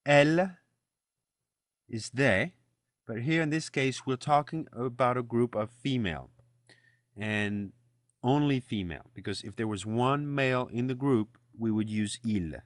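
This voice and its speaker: A man's voice: medium pitch, unhurried, dry recording, clean studio sound. A man teaching a French lesson, patiently explaining pronunciation and repeating phrases for the listener to copy. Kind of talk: language lesson with repeat-after-me drills.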